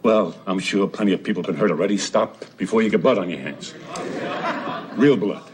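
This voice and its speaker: A man's voice: low voice, brisk, lightly acted. An actor playing a fussy, anxious stepfather in a sitcom, who rambles and backtracks. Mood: worried. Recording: noisy old sitcom recording.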